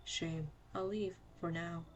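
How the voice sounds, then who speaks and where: A woman's voice: lowish voice, fairly even intonation, lo-fi sound, slight background noise. A woman reading a cryptic, menacing stranger. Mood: ominous. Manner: cryptic, measured, quietly menacing. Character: ominous mysterious stranger at the door. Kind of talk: reading game dialogue aloud.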